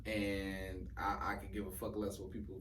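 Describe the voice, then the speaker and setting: A man's voice: low voice, completely flat delivery, moderate pace, fairly bright tone, distant mic. A man, a musician guest, talking bluntly and animatedly, swearing freely and laughing as he speaks. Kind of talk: casual interview chat. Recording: roomy echo, away from the mic, faint hiss.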